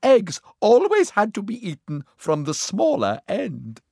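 A man's voice: sits high, huge pitch swings, unhurried, creaky, darkish tone, a little hiss or hum, pitched above the performer's own voice, full character voice. A man voicing an anxious, fussy male court secretary in a storybook reading, pleading and urgent. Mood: worried.

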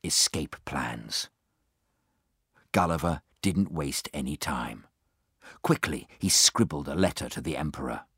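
A man reading a children's storybook aloud with lively expression, acting out the characters. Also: very deep voice, a little slow, pauses often, husky, dry recording, studio quality. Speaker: narrator.

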